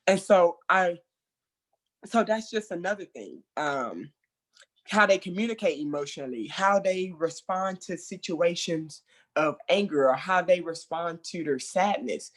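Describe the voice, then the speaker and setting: Animated mentor trainer. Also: mid-range voice. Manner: animated, acts out remembered quotes loudly; conversational, laughs between points. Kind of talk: training session talk.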